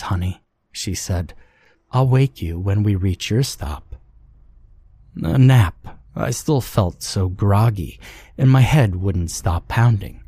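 A man narrating a scripted horror story in a calm, measured storytelling manner, close to the mic. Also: fairly low pitch, breathy edge, no echo.

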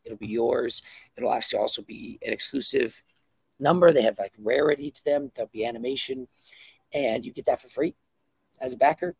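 Man, comic creator guest, gravelly voice, dry sound, enthusiastic and full of ums. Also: mid-range voice, no echo. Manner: enthusiastic, many ums and restarts. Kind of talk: casual podcast chat.

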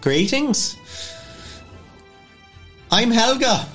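A man voicing a warm, motherly woman recruiter, cheery and coaxing. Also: mid-range voice, huge pitch swings, moderate pace, faint music behind, pitched above the performer's own voice.

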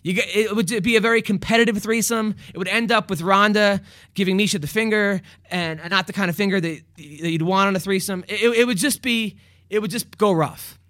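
A man's voice: high voice, brisk, fairly bright tone, no room sound, clean studio sound. A male comedian rambling through a casual comedic monologue, joking and restarting his sentences often.

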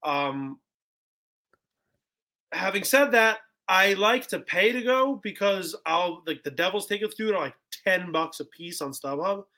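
A young man telling a story on a podcast, casual and animated, acting out what people said with lots of "like" and "bro". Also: high-pitched, measured pace. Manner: animated, acts out quotes, heavy "like" and "bro". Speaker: podcast guest.

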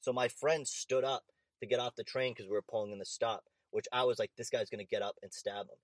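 A young man telling an animated, profane story in casual chat. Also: mid-range voice, brisk, no room sound.

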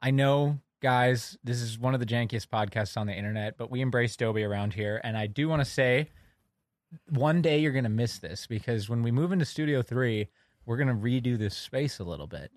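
Man, podcast host, casual rambling chat, middle pitch, dry close sound. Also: a little fast, a little mellow, dry recording. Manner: rambling, easygoing, laughs often. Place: studio space.

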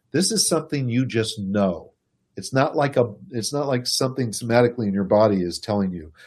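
Animated man explaining with chuckles. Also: medium pitch, husky. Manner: animated, chuckles, addresses listener directly. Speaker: speaker explaining personality types. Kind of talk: casual explanatory talk.

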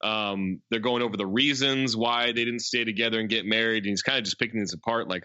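A man's voice: lowish voice, normal speed, sharp tone, no echo, muffled recording. A man co-hosting a podcast, chatting casually as he recaps a film, with plenty of "like" fillers and a rambling, enthusiastic manner. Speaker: podcast co-host.

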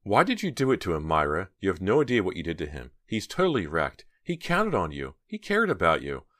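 A man voicing an angry teenage girl who speaks loudly and accusingly. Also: huge pitch swings, a little fast, dry recording, clean studio sound, exaggerated voice. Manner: pitched up, loud, accusing.

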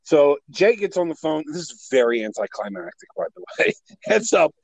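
A man's voice: fairly high pitch, very animated, normal speed, gravelly, dry recording, poor audio. A man casually telling a story, exasperated and swearing, acting out what everyone said. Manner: profane, exasperated, acts out quotes.

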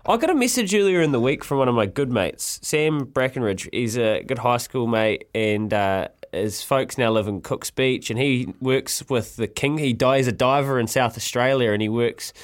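A man with a New Zealand accent hosting a radio show, telling stories in a casual, animated way and acting out quotes. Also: medium pitch, moderate pace, hardly any pauses. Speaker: radio host. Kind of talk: casual chat.

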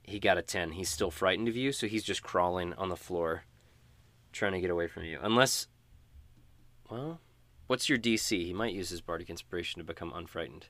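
A man runs a tabletop game, narrating in a relaxed, casual way. His voice sits low. The recording is close and dry. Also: fairly quick, no echo. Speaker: game master.

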